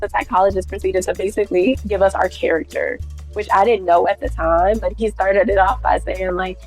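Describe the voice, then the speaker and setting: A woman's voice: medium pitch, fairly even intonation, a little fast, darkish tone. Young woman, ex contestant, wry and reflective, does the quotes, faint music. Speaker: former contestant, interviewee.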